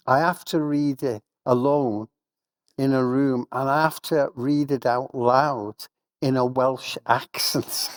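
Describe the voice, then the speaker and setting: An older man with a Liverpool accent, speaking with rising passion and then reading a poem aloud at a festival event. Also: dry recording. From England. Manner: impassioned, building to a rousing pitch. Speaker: guest speaker reading poetry.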